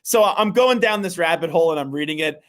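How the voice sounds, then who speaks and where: A man from the Philadelphia area, a national sports radio host on as a guest, fast-talking, confident and self-deprecating. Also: on the high side, animated, fairly bright tone. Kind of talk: casual sports radio chat. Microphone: remote guest line.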